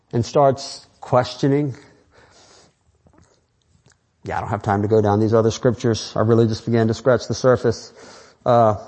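A man preaches to his congregation in a mellow, warm voice. His delivery is earnest and meandering, full of restarts and asides. He speaks at a middle pitch. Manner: earnest, rambling, with frequent restarts and fillers. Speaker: pastor. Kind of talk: sermon.

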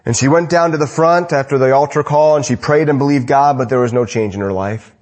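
Guy giving an evening sermon, middle-pitched voice, swings up for emphasis then goes quiet and low. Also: fairly quick. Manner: swings from raised emphatic lines to low hushed drops; repeats phrases for emphasis. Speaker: preacher.

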